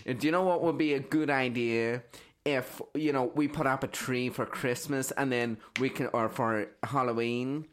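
A man putting on a poor American accent to play a brash guy pitching an idea. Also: steady tone, moderate pace, a little hiss or hum, lightly acted. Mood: eager. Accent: bad put-on American.

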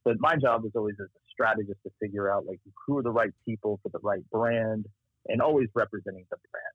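Low husky Texas man on a tinny line. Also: fast, no echo. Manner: animated storyteller, acts out quoted voices. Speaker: marketing strategist guest. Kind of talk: casual interview storytelling.

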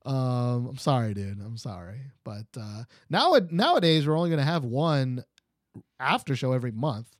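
A man's voice: medium pitch, lively intonation, moderate pace, dry recording, studio quality. Rambling Texan podcast host man. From Texas. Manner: rambling, many restarts and fillers, laughs at himself. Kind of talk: casual chat.

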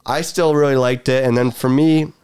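A man's voice: medium pitch, steady tone, moderate pace, darkish tone, smooth. A man co-hosting a podcast, chatting casually and upbeat about his favourite concerts of the year. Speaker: podcast co-host. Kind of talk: casual chat.

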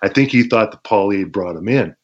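A man's voice: fairly low pitch, expressive, fairly quick. A former pro wrestler talking as an interview guest, laid-back, laughing as he recalls stories, with many fillers. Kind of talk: casual interview storytelling. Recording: muffled lo-fi audio.

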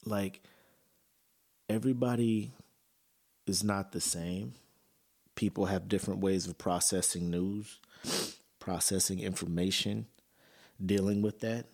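Man, podcast host, personal monologue, low-pitched, earnest, emotional, loose and conversational. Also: fairly even intonation, unhurried, long pauses, darkish tone.

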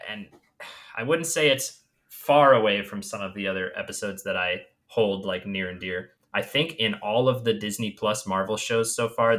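A man's voice: lowish voice, bright, forceful tone. A man co-hosting a casual podcast, chatty and enthusiastic.

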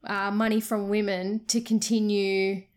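A woman's voice: medium pitch, flat delivery, a little slow, darkish tone. Aussie woman on a podcast, casual chat, laughs along easy. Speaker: podcast co-host.

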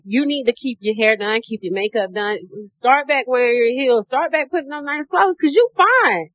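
Woman podcast host, middle-aged, AAVE, croaky tone, pitched a bit high, motivational and chatty. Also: animated, normal speed, few pauses, fairly bright tone, dry recording. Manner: encouraging, calls listeners baby and sis; acts out her own thoughts in a higher voice. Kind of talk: casual motivational podcast talk.

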